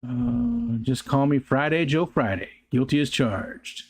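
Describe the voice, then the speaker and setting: Older male livestream host, casual halting chatter, reads comments and drifts between topics. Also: fairly high pitch, sing-song, vocal fry. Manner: rambling, halting, with frequent restarts and fillers. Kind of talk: casual live chat reading viewer comments. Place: outdoors near a pond.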